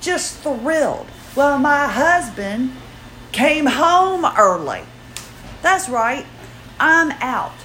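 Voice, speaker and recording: A woman's voice: high-pitched, big pitch swings, drawn-out words, bright, forceful tone, a little hiss or hum. A woman hosting her own podcast, chatting in a rambling, self-deprecating way while tired and moving carefully at home. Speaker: podcast host. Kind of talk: casual personal monologue. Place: home, house chores around her.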